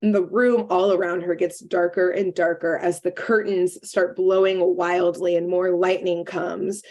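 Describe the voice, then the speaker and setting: A woman co-hosting a podcast, retelling a cartoon episode in a casual, animated way and acting out the characters' lines with plenty of "like". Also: on the low side, measured pace. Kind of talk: casual chat.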